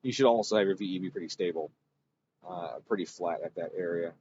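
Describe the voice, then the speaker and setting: With a low, darkish voice and a brisk pace, this engine tuner livestreams a dyno session, chatting casually about the technical side. He thinks aloud as he works, rambling and self-correcting; the sound is lo-fi with a little hiss or hum.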